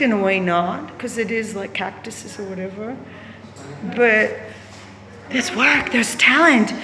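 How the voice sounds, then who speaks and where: A woman's voice: a little high, a bit bright, a little hiss or hum. A woman walking through an art gallery, speaking her opinions bluntly and sarcastically, with plenty of swearing. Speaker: gallery visitor. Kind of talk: candid spoken gallery walkthrough. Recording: roomy gallery with long reverb.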